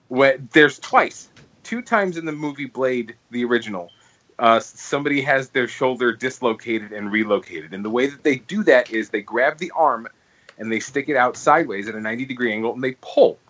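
A young adult man co-hosting a podcast, telling a story in a lively casual chat and swearing freely. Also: medium pitch, moderate pace, dull audio. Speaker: podcast co-host.

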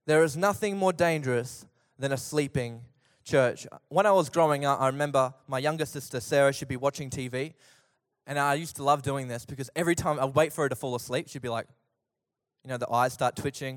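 A young man preaching a sermon as pastor, telling stories with lively acted-out voices. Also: mid-range voice, a little fast. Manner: animated storytelling preacher, acts out voices in anecdotes. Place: church auditorium. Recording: long reverb of a church hall.

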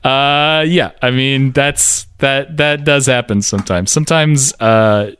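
Homem risonho, som seco e próximo. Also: male voice, mid-range voice, slow pace, a bit bright, clear, resonant tone, no room sound, clean studio sound. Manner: laughs a lot, easygoing, self-mocking. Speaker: podcast co-host. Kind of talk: casual chat about music.

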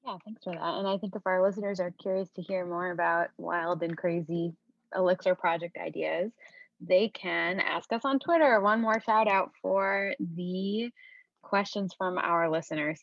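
Playful woman podcast host, gravelly tone. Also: lowish voice, no echo, muffled recording. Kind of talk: casual podcast chat.

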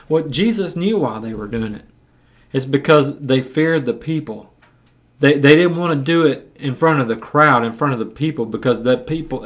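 Male preacher, mid-pitched, conversational storyteller, restarts and repeats words. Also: fairly bright tone. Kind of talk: sermon.

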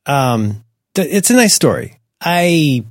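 Skeptical, animated podcast host man. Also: a little high, slow pace, no echo, clean studio sound. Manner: animated, skeptical, self-deprecating asides. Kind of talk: casual tech podcast chat.

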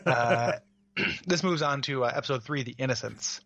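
A man's voice: mid-range voice, normal speed, gravelly, fairly bright tone, dull audio. A man co-hosting a casual podcast about video games, rambling with many fillers and jokes. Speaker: podcast co-host. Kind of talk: casual game discussion.

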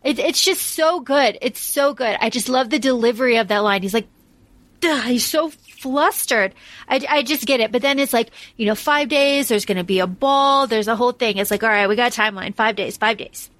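A woman co-hosts a casual film podcast and gushes about favorite scenes with easy swearing. Her voice sits a little high. The recording is dry and close. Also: normal speed, a bit bright, no echo. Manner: enthusiastic, gushing, swears casually. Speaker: podcast co-host.

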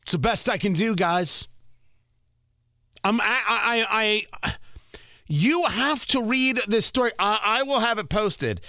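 Sarcastic high-voiced talk radio man. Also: takes it slowly, long pauses, pushed and bright, no room sound, studio quality. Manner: sarcastic, indignant. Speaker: radio talk show host. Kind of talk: opinionated talk radio commentary.

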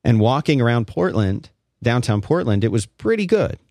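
A man co-hosting a casual tech podcast, relaxed and conversational, posing questions. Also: mid-range voice, normal speed, no echo.

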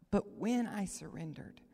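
A woman from Texas, preaching an emotional sermon, moving between loud proclaiming and hushed whispers. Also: medium pitch, creaky, slightly rough. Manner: emotional, near tears. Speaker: guest preacher. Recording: long hall reverb.

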